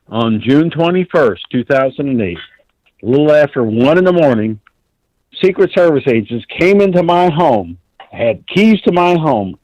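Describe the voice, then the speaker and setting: A man's voice: mid-range voice, a little mellow, dry recording, lo-fi sound. A man calling in to a talk show, telling a long story in an intense, rambling way and swearing often. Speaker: caller.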